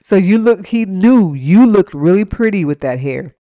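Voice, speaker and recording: A woman's voice: mid-range voice, animated, normal speed, dark tone, dry recording, highs cut off. A young adult woman hosting a podcast, telling a story and giving dating advice in a casual rant with blunt, profane remarks and laughing asides. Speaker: podcast host.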